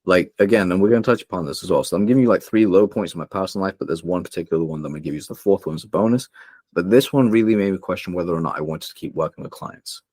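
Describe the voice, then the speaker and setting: This low-pitched, slightly mellow young man races through candid personal stories as a podcast guest. His earnest, emotional telling is full of fillers and false starts. The studio-quality audio has no room sound.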